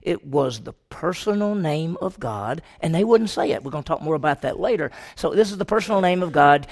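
A man's voice: a little high, lively intonation, brisk. A man teaching a Sunday school Bible class, emphatic and prone to restarts, often putting rhetorical questions to the class. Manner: frequent restarts and repeated words.

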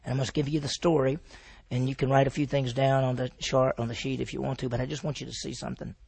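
A man's voice: mid-range voice, flat delivery, fast talker, creaky, darkish tone, breathy edge. A man teaching a Bible class, retelling the story with animation and quizzing his listeners.

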